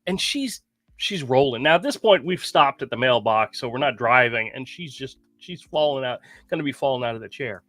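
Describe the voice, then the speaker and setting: A man telling a story in a casual podcast chat, animated and swearing freely. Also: medium pitch, brisk, no room sound, clean studio sound. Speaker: podcast co-host.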